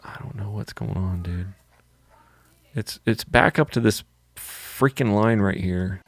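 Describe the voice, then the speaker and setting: Gravelly-voiced man thinking aloud. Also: fairly low pitch, a little slow, no echo. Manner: thinks aloud, hesitant, says "dude" a lot. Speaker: co-host trading live. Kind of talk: casual live-stream chat.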